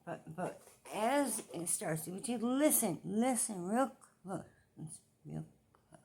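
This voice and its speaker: A woman in her forties talks straight to her vlog audience in a rambling, profane rant. She repeats herself and stumbles through restarts, then bursts into loud, animated outbursts. Her voice sits at an ordinary middle pitch. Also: slow pace, a little hiss or hum. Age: 40s. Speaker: commentary vlogger. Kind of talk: casual ranting commentary.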